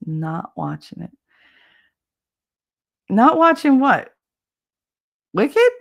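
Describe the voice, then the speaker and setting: A woman's voice: on the low side, expressive, a little slow, creaky. A woman in her forties hosting a livestream, telling crude stories candidly and laughing often. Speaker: livestream host. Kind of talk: casual chat with viewers.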